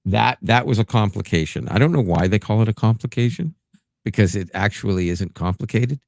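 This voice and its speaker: A man hosting a tech podcast, with a very low voice and a gravelly fry. He talks in a casual, rambling way and drifts into side tangents. The recording is close and dry. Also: animated, fairly quick, darkish tone, no echo. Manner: rambling, digressive. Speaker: podcast host. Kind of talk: casual chat.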